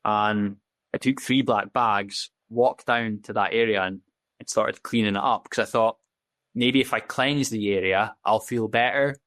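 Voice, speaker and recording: A man's voice: fairly low pitch, fairly even intonation, measured pace, a bit bright, no room sound. A man, a podcast guest telling his story in candid, casual talk, blunt and full of swearing, acting out the dialogue he quotes. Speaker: podcast guest, safety officer.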